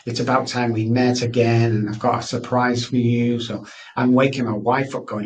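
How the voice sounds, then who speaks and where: A man's voice: mid-range voice, steady tone, normal speed, distant mic, low-quality recording. Candid middle-aged man. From Manchester, England. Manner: earnest, candid, frequent restarts. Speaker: guest. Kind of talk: personal storytelling interview.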